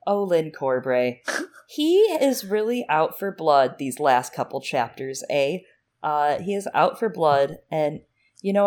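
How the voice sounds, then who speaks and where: A woman's voice: low-pitched, a little mellow. A woman co-hosting a podcast, chatting casually with sarcastic asides. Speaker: podcast co-host. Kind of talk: casual book discussion.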